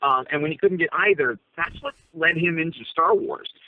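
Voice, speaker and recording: A man calls in from his parked car over a thin, tinny phone line. His voice sits a touch above the usual male pitch. He rambles through casual talk, full of fillers and restarts. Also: normal speed. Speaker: co-host. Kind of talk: casual chat.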